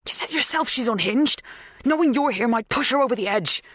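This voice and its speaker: A frantic young husband, as an audiobook narrator puts him on, shouting at a locked door. His cries leap high and strain, heard in a dry, close studio read. The panic comes through in every call. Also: animated, brisk, no room sound, exaggerated voice. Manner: urgent, shouting.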